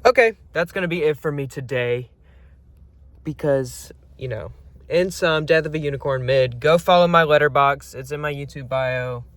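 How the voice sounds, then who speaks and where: A man's voice: on the high side, moderate pace, dry recording. Chatty young man vlogging by his car. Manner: chatty, self-mocking, swings to loud exclamations. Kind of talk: casual vlog. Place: outdoors by a car at night.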